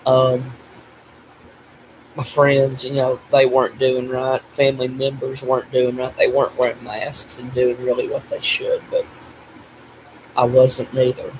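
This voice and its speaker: An older man talking in a tearful video diary, grief-stricken and blaming himself, speaking haltingly with restarts and breaking off as he cries. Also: mid-range voice, monotone, a little hiss or hum, poor audio. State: crying. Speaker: vlogger.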